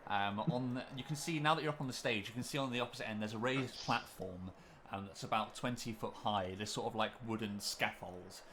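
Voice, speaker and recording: Bright-voiced man running a tabletop game. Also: on the low side, a little fast, a little hiss or hum. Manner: hesitant, lots of ums and restarts. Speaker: game master.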